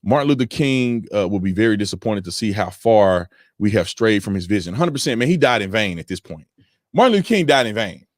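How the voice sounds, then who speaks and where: Animated man chatting on a livestream. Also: fairly quick, no room sound. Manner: animated storytelling, voice jumps high when excited. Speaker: livestream host reading super chats. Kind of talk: casual livestream chat. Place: home.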